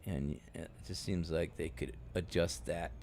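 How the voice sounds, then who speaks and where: A man's voice: sits low, steady tone, measured pace, gravelly, a little mellow, a little hiss or hum. A man casually chatting on a live stream while he plays, rambling along with plenty of fillers. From United States. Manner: rambling, laid-back, many fillers. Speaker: game streamer.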